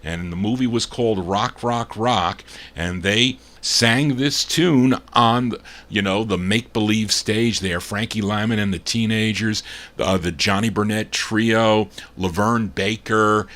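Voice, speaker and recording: A man's voice: lowish voice, unhurried, fairly bright tone. A man hosting a live oldies radio show, chatting between records with digressive trivia about the songs and labels.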